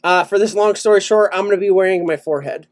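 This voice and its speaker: A man's voice: sits high, quick pace. A man co-hosting a casual chat show, telling a long rambling story full of swearing and laughter. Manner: profane, rambling, laughs often. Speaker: podcast co-host.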